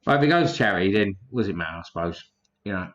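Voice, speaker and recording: A man's voice: deep voice, lively intonation, very fast, highs cut off. Blunt sweary man on a livestream. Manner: blunt and profane, reads chat names aloud. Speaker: livestream host reading chat. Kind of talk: casual livestream chat.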